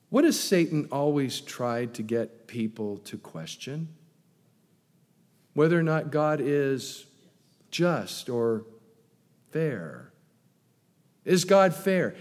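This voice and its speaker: Animated preacher in a reverberant hall. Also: male voice, fairly high pitch. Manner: animated preaching, rhetorical questions, swings from loud to hushed. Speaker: pastor. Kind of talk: sermon.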